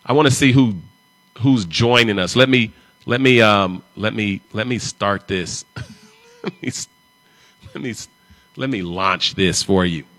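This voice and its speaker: A man's voice: lowish voice, unhurried, long pauses, a bit bright, no room sound. Guy on a livestream, hammering his point over and over, dry close sound. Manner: emphatic, repetitive, confrontational. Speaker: livestream host. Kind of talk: live stream commentary.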